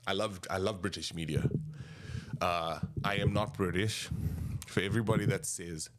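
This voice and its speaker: A man in his thirties with a South African accent, rambling and animated as he tells casual stories about his past. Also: sits low, moderate pace, very noisy. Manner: rambling, animated, restarts often. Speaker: podcast host. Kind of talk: casual storytelling monologue.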